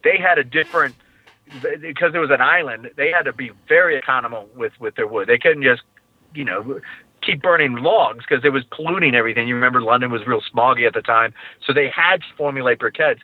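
A man's voice: mid-range voice, fast, no echo. A male guest on a casual podcast, talking eagerly and at length about collecting grills and books, with many restarts. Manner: enthusiastic, rambling with restarts. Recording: dry, phone-like line.

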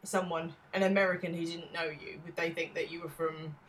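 Low-voiced woman with an East London accent. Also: steady tone, a little fast, over a noisy crowd. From England. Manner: thoughtful, with frequent fillers. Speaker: podcast co-host. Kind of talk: casual podcast chat.

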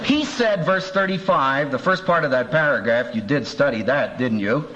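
A man with a medium-pitched voice talks at a normal speed, barely pausing. He's a seminary professor giving a lively, humorous lecture, animatedly acting out voices and quotes. The recording comes from an old cassette tape, dull-sounding with a faint hiss.

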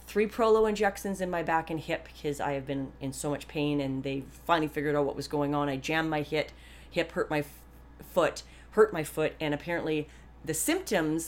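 A woman's voice: low-pitched, moderate pace. A woman hosting a podcast, talking candidly and earnestly in a rambling, chatty way full of asides and restarts. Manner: warmly earnest and grateful. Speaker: podcast host. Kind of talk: candid personal monologue.

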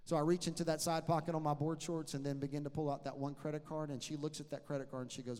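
A middle-aged man, preaching a sermon and telling stories with animated swings between loud and hushed delivery. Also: a little high, brisk. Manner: animated storytelling with sudden drops to a hush. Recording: long hall reverb.

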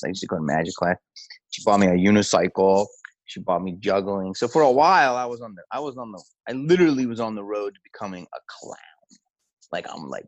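Low-voiced man telling stories, rambling. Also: no echo, rough recording. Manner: loose, rambling storyteller who acts out quotes. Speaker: comedian guest. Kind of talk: casual interview talk.

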